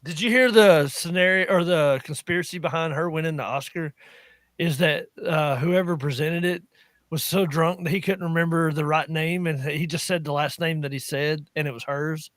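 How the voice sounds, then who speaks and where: A man's voice: fairly high pitch, moderate pace, fairly bright tone, no room sound. A man with a Southern Appalachian accent, telling stories in casual chat with a laugh never far off. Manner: chatty storyteller, laughs often.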